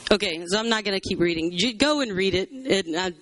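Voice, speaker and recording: A man's voice: high voice, expressive, brisk, fairly bright tone, no room sound. A man teaching a Bible study to a church group in a chatty, conversational way, with many fillers. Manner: conversational, chatty, fills with "you know" and "um".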